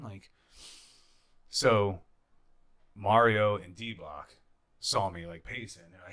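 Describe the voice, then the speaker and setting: A young man telling stories as a podcast guest, casual and animated, swearing freely and acting out the people he quotes. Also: lowish voice, slow, pauses often, a crowd in the background. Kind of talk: casual storytelling.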